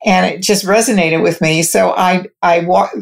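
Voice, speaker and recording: Woman, low voice, gravelly fry, rambling storyteller, lots of restarts and quoted dialogue. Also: steady tone, normal speed. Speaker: interview guest. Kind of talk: personal storytelling in conversation.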